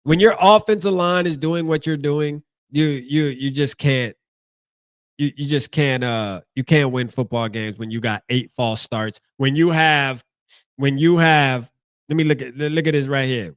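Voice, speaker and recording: Animated man ranting on a dry mic. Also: medium pitch, unhurried, clear, resonant tone, dry recording. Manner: animated, repeats and restarts, slangy. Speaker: fan show host. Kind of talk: casual postgame rant.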